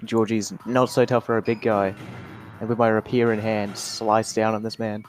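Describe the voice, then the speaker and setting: A man's voice: lowish voice, little pitch movement, normal speed, faint music behind. An Australian man playing a tabletop game, speaking hesitantly with fillers as he asks questions about the rules. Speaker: player. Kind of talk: casual tabletop play.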